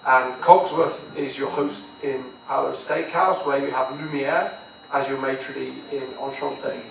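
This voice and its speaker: A man on a dining panel, explaining things to the audience in an easy, relaxed way. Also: mid-range voice, a little slow, creaky. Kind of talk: panel talk to a live audience. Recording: echoey hall, distant mic, faint noise.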